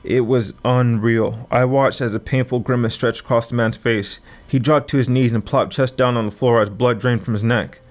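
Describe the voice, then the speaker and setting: A man's voice: medium pitch, fairly even intonation, moderate pace, hardly any pauses. A man narrating a first-person thriller audiobook with vivid, dramatic storytelling.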